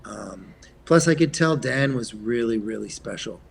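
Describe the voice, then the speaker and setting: A man from Quebec, a guest actor, chatting in an interview in a soft-spoken way that often trails off, with plenty of ums and uhs. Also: mid-range voice, expressive, measured pace, vocal fry, a little hiss or hum. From Eastern Canada, Quebec. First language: French. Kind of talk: casual interview chat.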